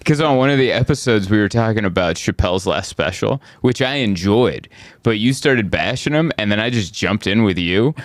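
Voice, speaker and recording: A man's voice: on the low side, animated, normal speed, no room sound. Casual rambling male podcast host. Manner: rambling, self-deprecating, laughs often.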